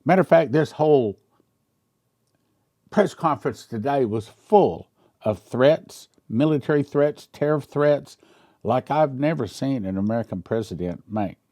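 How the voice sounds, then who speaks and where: A man's voice: mid-range voice, mellow, no room sound, studio quality. A man who is a pastor, giving casual commentary in an emphatic way, with rhetorical questions and chuckling asides.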